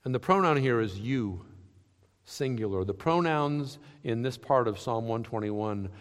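A man preaching a sermon, swinging between loud emphatic lines and soft, quiet ones. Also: medium pitch, expressive, a little slow, long reverb tail. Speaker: pastor.

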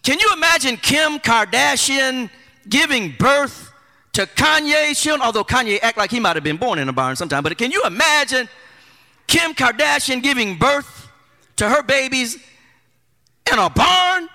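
A male pastor preaching a sermon with animated rhetorical repetition and colloquial asides. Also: extremely high pitch, normal speed, in a large hall.

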